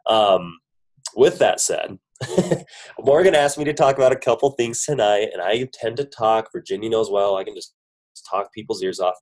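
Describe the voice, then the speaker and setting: Guy with a cold, lowish voice, chatty hype talk on a team call, jokes around. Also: normal speed, darkish tone, low-quality recording. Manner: upbeat, chatty, joking praise. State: has a head cold. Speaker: business team leader on a coaching call. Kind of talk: casual conference-call pep talk. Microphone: phone conference call.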